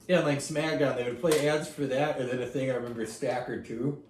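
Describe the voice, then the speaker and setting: A man's voice: mid-range voice, steady tone, fairly quick, a little hiss or hum. A man co-hosting a comedy podcast, rambling through crude stories in casual chat and laughing often. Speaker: podcast co-host. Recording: echoey room, distant mic.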